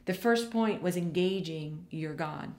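A woman's voice: lowish voice, measured pace, darkish tone. A woman preaching a sermon, speaking directly to her listeners in an earnest way and repeating phrases for emphasis.

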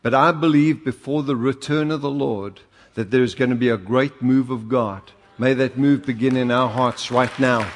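A man's voice: medium pitch, steady tone, moderate pace. An older man with a South African accent preaching a sermon, telling humorous stories and rising into emphatic exhortation. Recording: long hall reverb.

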